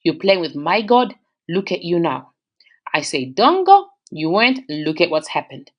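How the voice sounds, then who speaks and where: A woman storyteller quoting a volatile young woman who mocks and scolds her partner, with a lower-pitched voice. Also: very animated, measured pace, highs cut off. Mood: mocking. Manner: mocking, scolding.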